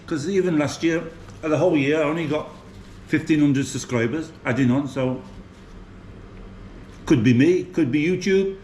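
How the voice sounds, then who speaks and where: Older English man, light West Midlands accent, rambling casual food vlog, slightly high voice, echoey room with faint background hum. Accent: English, West Midlands with a Maltese tinge. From England, West Midlands. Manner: chatty, rambling, chuckling. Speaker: food vlogger.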